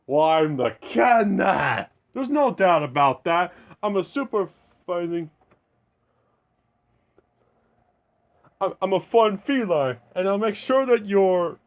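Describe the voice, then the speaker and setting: A young man voicing a playful, cheeky talking cartoon cat, with a teasing, sing-song delivery that gets loud and bouncy. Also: high-pitched, animated, unhurried. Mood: boastful.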